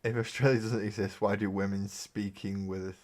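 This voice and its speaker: A man's voice: fairly low pitch, fairly even intonation, moderate pace, darkish tone. A man hosting a casual live stream while painting miniatures, rambling and joking, with casual swearing. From Britain. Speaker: streaming hobby host.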